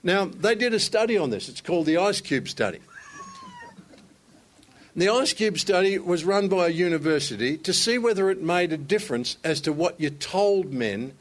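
A man's voice: high-pitched, expressive, normal speed. A man speaking to other men in a conversational sermon, telling stories with self-deprecating humor.

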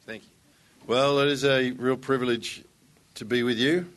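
A man's voice: mid-range voice, fairly even intonation, normal speed, a bit bright. A man, a guest speaker who opens a church talk with a joke and tells it in a folksy, conversational way. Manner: folksy storyteller, conversational, some restarts. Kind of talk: sermon with joke.

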